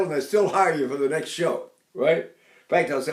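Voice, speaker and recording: A man's voice: a little high, moderate pace, roomy sound. An older man teaching a voice lesson, who explains technique and breaks into sung phrases and sighs. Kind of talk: singing lesson with sung demonstrations.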